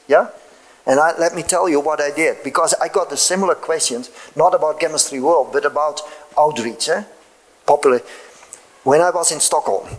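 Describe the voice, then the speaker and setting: An older man from the Netherlands with a Dutch accent, a guest scientist talking to an audience in a university hall, emphatic and persuasive, with lots of "you know" and "eh?" tags. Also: on the high side. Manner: lively, peppers speech with "you know", "eh?" and "yeah?" tags. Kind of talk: conversational public talk.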